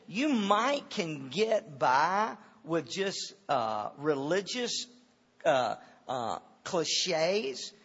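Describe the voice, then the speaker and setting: Preacher guy, high voice, keeps restarting his sentences, dull lo-fi recording. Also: fairly bright tone. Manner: earnest, lots of halting restarts. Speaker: pastor. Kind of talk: sermon. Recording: long hall reverb, dull lo-fi sound.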